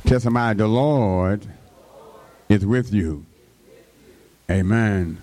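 Man, preacher, slow, call-and-response sermon. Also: on the low side, mellow.

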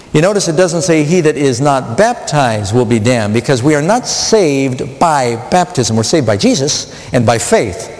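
A man's voice: mid-range voice, very animated, moderate pace, few pauses, darkish tone, in a large hall. A male pastor preaching a sermon to a studio audience, asking rhetorical questions and stressing his points.

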